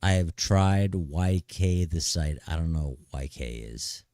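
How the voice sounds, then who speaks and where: A man's voice: low-pitched, lively intonation, measured pace, darkish tone, no room sound, studio quality. A middle-aged man streaming live, giving blunt, profane big-brother advice in a laid-back way and saying "dude" constantly. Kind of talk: casual live-stream chat.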